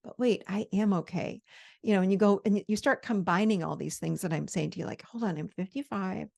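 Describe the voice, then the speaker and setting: A woman in her fifties giving a conversational coaching talk on handling triggers, slowing down to model calm self-talk. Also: mid-range voice, vocal fry. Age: 50s. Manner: conversational, with quoted inner dialogue. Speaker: host.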